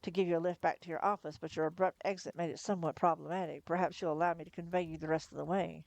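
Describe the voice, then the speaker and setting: A woman voicing a polite, smooth middle-aged male crime boss in a read-aloud story, speaking softly and slowly. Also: fairly low pitch, fairly even intonation, no echo.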